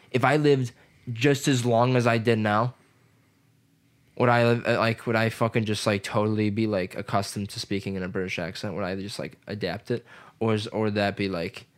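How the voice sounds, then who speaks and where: A man's voice: on the low side, fairly even intonation, normal speed. A man in his twenties chatting casually, rambling with lots of filler words and swearing. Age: 20s. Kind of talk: casual chat.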